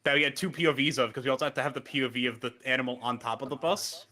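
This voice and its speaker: A man's voice: mid-range voice, rapid-fire, pushed and bright. A man co-hosting a podcast, chatting casually and animatedly, cursing freely. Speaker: podcast co-host. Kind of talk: casual chat.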